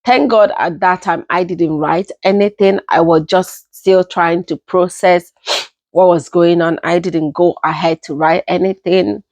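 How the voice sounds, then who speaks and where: A young woman with a Nigerian accent telling a personal story in an unhurried, casual way, often repeating herself as she goes. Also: on the low side, steady tone, darkish tone, no room sound. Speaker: storytelling vlogger.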